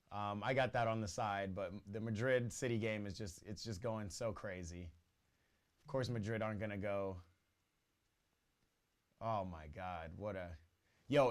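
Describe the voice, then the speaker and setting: A man streaming a football watch party and chatting to his viewers in loose slang. He reacts loudly to every goal and keeps his talk casual and excitable. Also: fairly low pitch. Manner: excitable, slangy, exclaims at goals. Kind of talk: live stream reaction chat.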